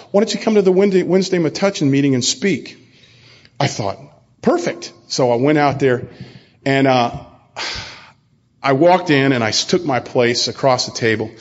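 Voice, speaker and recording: A man speaking to a convention hall, telling his story earnestly and turning to the crowd as "folks." His voice sits mid-range and comes through a dull, lo-fi recording. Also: mid-range voice. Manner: earnest, plain storytelling, speaks directly to the audience. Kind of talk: sharing a personal recovery story.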